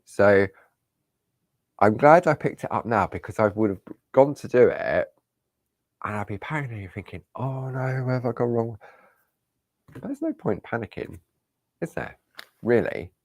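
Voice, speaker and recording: A man's voice: medium pitch, animated, a little slow, pauses often, dry recording, studio quality. A middle-aged man leading a live crafting tutorial, chatty and reassuring, talking straight to his viewers. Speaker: crafting demonstrator.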